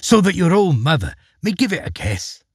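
A man's voice: fairly high pitch, big pitch swings, moderate pace, husky, no room sound, clean studio sound, pitched above the performer's own voice. A man voicing a cunning, murderous queen who speaks with false sweetness in a storybook reading. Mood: coaxing.

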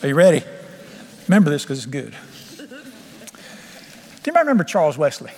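A pastor with a darkish, rather high voice preaches a fervent, folksy sermon full of humor, his pitch swinging wildly at a moderate pace. The recording from the church sanctuary carries long reverb and faint music.

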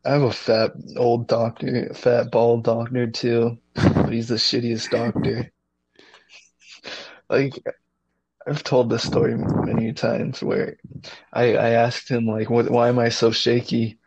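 A young man in casual chat, joking crudely in a flat delivery. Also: medium pitch, slow pace, gravelly, slightly rough, dry recording. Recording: dull, dry lo-fi mic.

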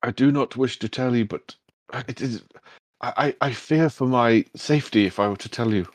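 A man voicing a young male altar boy with an oddly deep voice who speaks quietly and hesitantly. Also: moderate pace, dry recording, close to an everyday voice. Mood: fearful.

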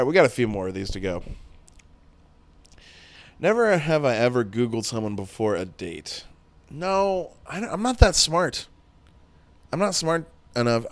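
A man's voice: mid-range voice, no room sound. A man in his thirties hosting a podcast solo, rambling and joking crudely in casual chat. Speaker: podcast host.

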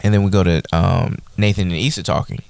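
A man's voice: deep voice, fairly even intonation, fast, creaky, a little mellow, no room sound. A man co-hosting a podcast, recapping an episode in an easygoing way and hedging with fillers. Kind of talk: casual chat.

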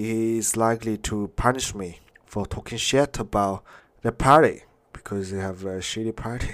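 Casual male vlogger, lowish voice, reads jokes, giggles and trips over words. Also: steady tone, normal speed, fairly bright tone. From Canada. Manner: laughs often, stumbles over words. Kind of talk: casual reading of online jokes.

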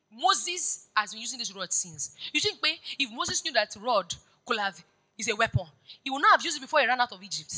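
A woman pastor preaching a sermon. She moves between hushed storytelling and loud, urgent exhortation. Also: high voice, low-quality recording.

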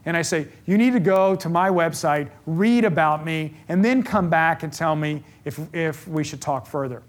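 A man's voice: a little high, normal speed. A man giving a sermon in an earnest style, building his points with repeated phrases. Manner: earnest, gets emotional about faith. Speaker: speaker giving a faith talk.

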